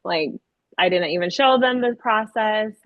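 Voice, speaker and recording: Female kindergarten teacher, slow, animated storyteller, dry, slightly muffled sound. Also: mid-range voice, no echo. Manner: animated storytelling with laughs and playful acted voices. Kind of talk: casual chat recounting a classroom story.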